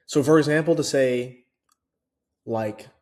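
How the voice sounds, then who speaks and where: A man's voice: mid-range voice, slow pace, a little mellow. A man vlogging in a casual, rambling way about learning a language, with lots of fillers and restarts. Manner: chatty, full of fillers and restarts. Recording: roomy echo.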